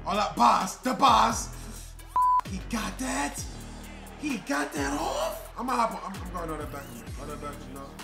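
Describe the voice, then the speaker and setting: Excitable young man commentating a football video game. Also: sits high, moderate pace, vocal fry. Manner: excitable, swears, trash talk. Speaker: gaming YouTuber. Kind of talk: casual gameplay commentary. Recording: roomy echo with loud game music.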